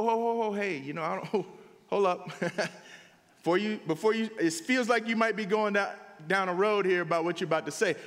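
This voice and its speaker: A man's voice: very high-pitched, fairly bright tone, big-room sound. A man preaching a sermon as pastor, talking in a conversational, emphatic way. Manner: conversational, emphatic preaching with frequent "here's the deal". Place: church sanctuary.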